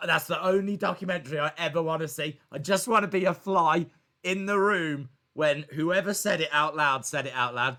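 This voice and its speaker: Young guy on a wrestling watch-along stream, highish bright voice, jokey, does bits and yells now and then. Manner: animated, jokey, acts out little scenes with shouted bits. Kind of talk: live watch-along commentary.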